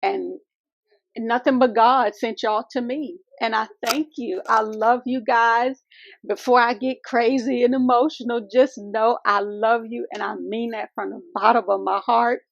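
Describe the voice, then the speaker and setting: Woman vlogger, heartfelt and devout, gravelly voice on a dry, lo-fi recording. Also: on the high side, steady tone, measured pace, no room sound. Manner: earnest, faith-filled, addresses viewers as y'all and honey. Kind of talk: heartfelt casual vlog talk. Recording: dull lo-fi dry sound.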